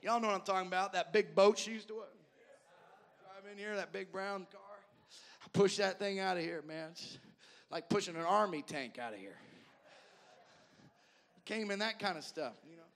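A male pastor telling folksy stories in a sermon, addressing the congregation directly and repeating words as he goes from loud to soft. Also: sits high, moderate pace, creaky, long pauses. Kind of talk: sermon storytelling.

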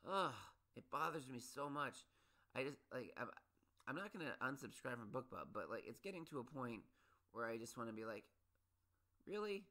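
A man of ordinary mid pitch talks through a solo podcast rant about his pet peeves. He rambles and restarts often, and sounds hyper and wound up. At times his voice jumps high and loud in exasperation. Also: expressive, brisk. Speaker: podcast host.

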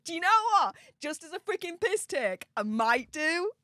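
A woman's voice: high voice, very animated, moderate pace, sharp tone. A woman with a Yorkshire accent hosting a livestream, gushing thanks to viewers for their super chats in an exclamatory, bubbly way. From England. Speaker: livestream host.

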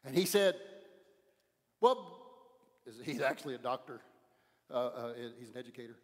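A male pastor preaching a sermon in a church, pressing his points hard and often dropping his voice low. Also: quick pace, big-room sound. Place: church sanctuary.

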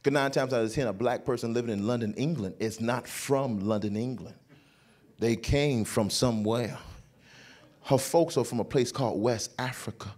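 A man with a Southern American accent from North Carolina, performing stand-up comedy with animated storytelling, laughing and breaking into shouts. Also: medium pitch, moderate pace. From North Carolina, USA.

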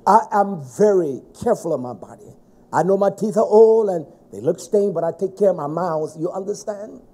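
Man, middle-aged, stern scolding sermon, warm dark tone, slightly high pitch. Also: animated, normal speed. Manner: stern, scolding, shouts at times. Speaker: preacher.

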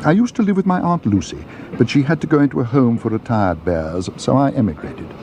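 A man's voice: mid-range voice, expressive, a little fast, darkish tone, a little hiss or hum, voice pushed up, close to an everyday voice. A man voicing a polite, earnest small bear in a storybook reading.

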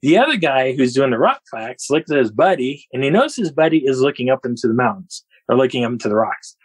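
A man guest on a podcast, telling a story in an animated way and laughing often. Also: medium pitch, fast, husky, no echo, rough recording. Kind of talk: storytelling an encounter.

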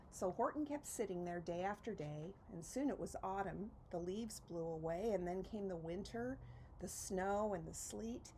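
A woman reading a children's picture book aloud in an expressive, storytelling way. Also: mid-range voice, slight background noise, poor audio. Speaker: reader.

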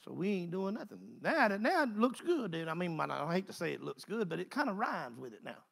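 A man's voice: high-pitched, sing-song, a little fast, vocal fry, a bit bright. A man preaching a conversational sermon, folksy and repeating phrases in driving bursts.

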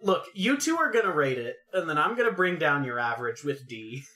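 A podcast co-host with a lively, bouncing pitch, chatting casually and hamming up mock outrage. The voice is bright and forward, with theatrical complaints about being betrayed. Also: brisk. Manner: dramatic, mock-indignant. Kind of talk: casual chat.

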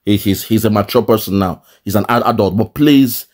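A man's voice: on the low side, a little fast, a little mellow. A man giving angry, emphatic commentary on a clip, stumbling and repeating words as he stresses his points.

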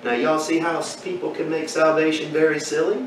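High-voiced teacher, echoey room. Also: male voice, little pitch movement, a little fast. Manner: asks the class questions, folksy storytelling. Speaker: Bible teacher. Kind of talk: Bible class teaching. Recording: echoey room from far off, faint noise.

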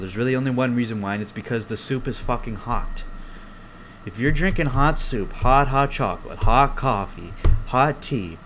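A young man hosting his own podcast alone, rambling through stories in a casual, profane, animated way. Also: mid-range voice, noisy background. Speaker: podcast host. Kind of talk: casual solo podcast rant. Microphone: close podcast mic.

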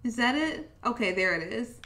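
A woman's voice: on the high side, animated, moderate pace, pushed and bright. A young woman giving chatty, casual commentary while playing a video game. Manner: chatty, reacts aloud to the game. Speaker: gameplay streamer. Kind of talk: casual let's-play commentary.

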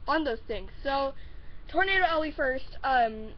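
A woman's voice: high voice, expressive, a little slow, slight background noise. A teenage girl with an Oklahoma accent rambling nervously through home advice, with lots of ums and giggles. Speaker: vlogger. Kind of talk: casual vlog advice. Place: at home upstairs. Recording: dull lo-fi webcam audio.

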